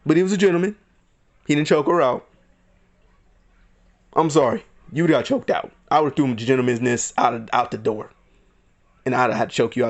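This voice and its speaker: A man's voice: medium pitch, normal speed, pauses often. A man giving heated, indignant commentary in a vlog, acting out other people's lines in mock voices. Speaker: vlogger. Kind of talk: ranting commentary.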